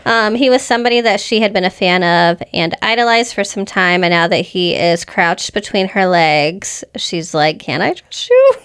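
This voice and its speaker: Woman podcast co-host, chatty and giggly, retells scenes at a brisk clip. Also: lowish voice, a bit bright, clear, resonant tone. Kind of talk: casual chat summarizing a book.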